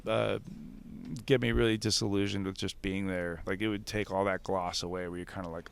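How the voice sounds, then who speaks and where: A man telling a story in casual, animated talk, swearing freely and acting out what others said. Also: lowish voice, fast, gravelly, slight background noise. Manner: animated, profane, laughs often, acts out others' lines. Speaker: wrestling veteran guest.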